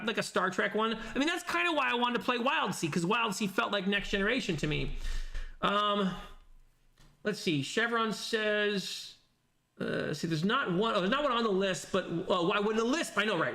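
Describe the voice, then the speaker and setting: A man's voice: high voice, sharp tone. A man hosting a casual stream, reading comments aloud and rambling with many restarts and self-corrections. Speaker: host reading live chat comments. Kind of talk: casual livestream chat.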